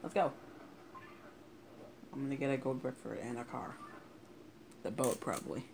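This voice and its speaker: A man's voice: mid-range voice, normal speed, gravelly. Foul-mouthed young man gaming, noisy recording. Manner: swears a lot, angry outbursts. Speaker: gameplay commentator. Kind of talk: casual gaming commentary.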